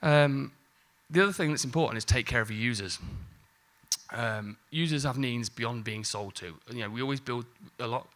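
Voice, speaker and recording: A man in his forties speaking at a conference, his voice low-pitched yet bright and forceful. He talks in a loose, joking way, slipping in mild swearing as he makes his points to the crowd. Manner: jokey, casual, swears lightly, acts out exchanges. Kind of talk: live marketing talk.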